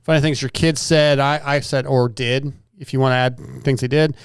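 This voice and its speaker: A man's voice: medium pitch, fairly even intonation, normal speed, smooth, dry recording, studio quality. A man hosting a podcast, running the segments in a loose, joking way. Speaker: podcast host. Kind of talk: casual podcast chat.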